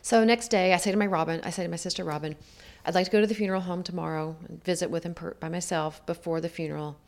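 Earnest and reflective, a woman tells her personal life story as a guest in conversation, voicing what other people said. She talks quickly in a fairly low voice with a steady tone.

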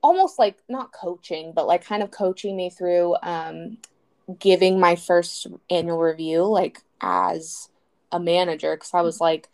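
A woman's voice: on the low side, a little slow, creaky. A young woman co-hosting a podcast, chatting casually and rambling with many fillers. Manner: rambling with many likes and restarts. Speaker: podcast co-host. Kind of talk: casual chat.

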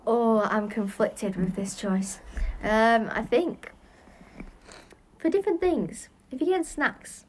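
A giggly teenage girl chats on her podcast with a bouncy, very lively pitch. Her voice sits fairly high and she tosses in quick asides. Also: a little hiss or hum. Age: teens. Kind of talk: casual chat.

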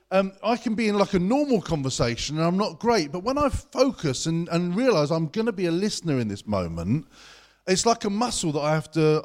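Pastor, young man, high-pitched, chatty sermon style, church service. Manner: chatty and conversational, talks fast.

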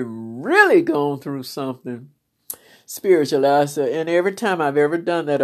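A woman's voice: low voice, a little mellow. A woman minister telling stories from church life in a fervent, storytelling testimony, exclaiming praise now and then.

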